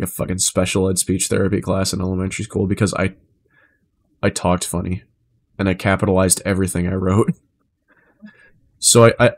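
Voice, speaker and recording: A young man chatting casually on a live stream, rambling and swearing, his delivery swinging between flat and animated. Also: low voice.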